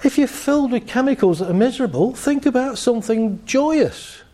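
A man who works as a therapist calmly guides a group through a visualization exercise, laughing lightly between points. His voice is very high-pitched and he keeps a moderate pace.

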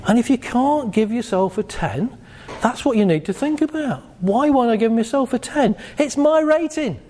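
A man's voice: very high voice, moderate pace, breathy edge. A man giving a jokey, conversational motivational talk to a live audience, acting out voices as he goes. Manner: animated, conversational, jokey, acts out quoted voices. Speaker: motivational speaker. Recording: long hall reverb.

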